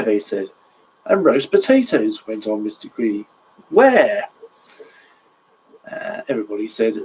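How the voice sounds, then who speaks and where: A man's voice: mid-range voice, darkish tone, a little hiss or hum, low-quality recording. A man reading aloud voices a greedy, cheerful round storybook man in a raised, eager voice.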